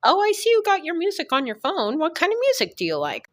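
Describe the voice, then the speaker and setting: A woman voicing a chirpy female dental surgeon with a heavy foreign accent, high and sing-song. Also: lively intonation, moderate pace, bright, forceful tone.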